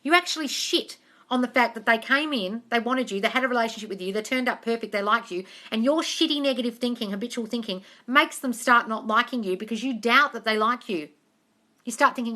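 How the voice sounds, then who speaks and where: A woman's voice: on the high side, fairly quick, bright, forceful tone. An Australian woman coaching on a live stream, reading viewer comments and answering them bluntly with plenty of swearing and calls of darling.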